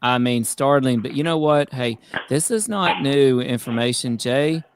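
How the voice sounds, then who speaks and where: A man hosting a casual live-stream chat, talking in an energetic, conversational way with emphatic asides. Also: medium pitch, a little slow, noisy background. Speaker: host.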